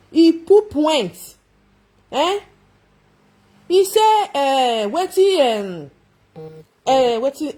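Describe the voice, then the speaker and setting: A woman's voice: fairly high pitch, a little mellow, husky. A woman with a Nigerian Pidgin accent giving casual live commentary to her viewers, chatty and exclamatory, talking straight to them. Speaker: social media commentator.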